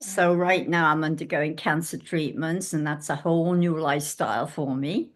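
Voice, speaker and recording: A British woman in her eighties, from England, telling lively stories as a guest in an interview and acting out the dialogue in them. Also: low voice, normal speed. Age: 80s. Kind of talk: casual interview storytelling.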